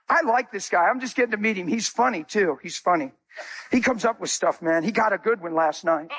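A man preaching a sermon as a guest speaker, animated, telling stories with acted-out dialogue. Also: high voice, fairly quick, husky.

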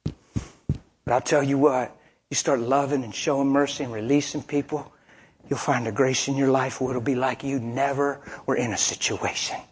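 A man's voice: medium pitch, steady tone, a little fast, slight background noise. A male preacher delivering a sermon in a folksy, colloquial and emphatic storytelling manner.

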